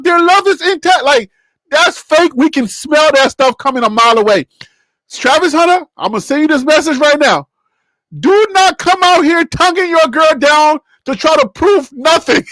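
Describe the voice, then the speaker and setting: A man's voice: very high voice, fairly bright tone, dry recording. A man co-hosting a casual sports talk show, emphatic and laughing often as he lectures.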